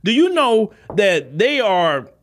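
A man with a high voice runs his own podcast. He preaches in a heated commentary, circling back over the same points and calling out directly to his listeners. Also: very animated, slow. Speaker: podcast host. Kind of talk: impassioned commentary monologue.

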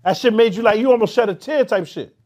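A man talking fast in a casual group chat, his voice sitting a little high. He is loud and animated and leans heavily on slang.

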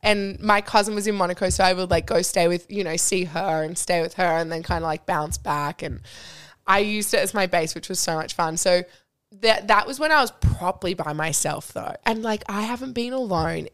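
A woman's voice: on the low side, moderate pace, a bit bright, clear, resonant tone. Chatty young woman. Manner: chatty storyteller, lots of "like" and laughs. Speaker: podcast guest. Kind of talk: casual chat.

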